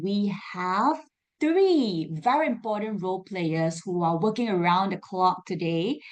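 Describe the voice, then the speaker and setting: A woman on a video call running a segment of a speaking club meeting, leading a vote and introducing the next speaker with upbeat, ceremonious phrasing. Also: mid-range voice. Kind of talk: hosting a segment of an online meeting.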